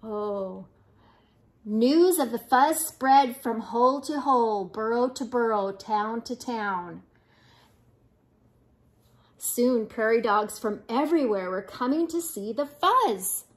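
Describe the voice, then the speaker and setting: High, slow-reading older woman. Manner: lively, playful voices for the animals. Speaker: grandmother reading aloud. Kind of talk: children's picture book read-aloud.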